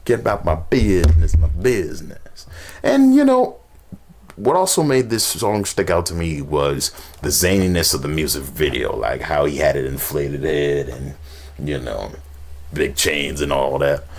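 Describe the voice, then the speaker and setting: A man hosting a casual music reaction, animated, laughing and humming beats between his comments. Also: extremely low pitch, a little slow, slight background noise. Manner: animated, laughs often, hums beats and sings along. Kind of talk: casual music review chat.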